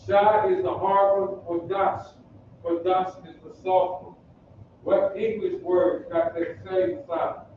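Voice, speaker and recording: A man from Detroit teaching a basic Hebrew class, drilling pronunciation slowly and coaxing the class to answer. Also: high-pitched, little pitch movement, slight background noise. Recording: echoey room, distant dull mic.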